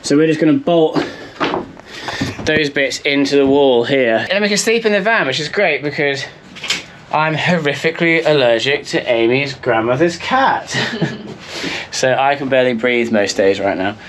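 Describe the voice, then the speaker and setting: A man's voice: mid-range voice, lively intonation, moderate pace, noisy background. An English man narrating a casual vlog as he works, chatty and full of ums and likes. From England. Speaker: vlogger.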